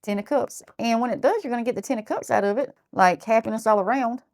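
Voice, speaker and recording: A woman's voice: a little high, fast talker, a little mellow. A woman giving a casual tarot reading who talks bluntly, thinks aloud and repeats herself. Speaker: tarot reader.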